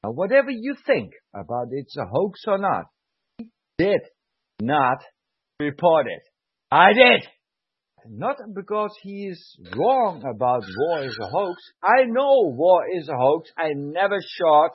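Emotional ex-soldier, swearing, lively pitch. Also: male voice, husky, no room sound. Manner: emotional, swearing, repeats himself insistently. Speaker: former army sergeant, guest. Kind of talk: heated conversational rant. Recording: dull lo-fi sound.

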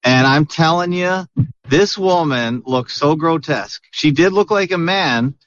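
A man's voice: on the high side, unhurried, a bit bright, dry recording. A man hosting a heated podcast chat, arguing back and dismissing others' points. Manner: argumentative, interrupting, dismissive. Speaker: podcast host. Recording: dull lo-fi audio with faint hiss.

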